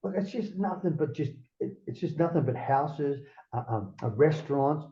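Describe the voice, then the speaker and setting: Australian man, gravelly, rambling casual yarn, slightly dull audio, heavy on "mate" and swearing. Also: a little high, lively intonation, moderate pace, mellow. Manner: rambling, swears freely, says "mate" constantly. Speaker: guest. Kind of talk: casual interview chat.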